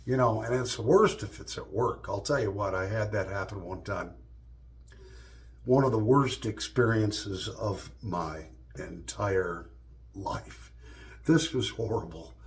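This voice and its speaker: A man's voice: lowish voice, takes it slowly. A middle-aged man vlogging and telling stories in a loose, profane, joking way. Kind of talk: casual storytelling monologue.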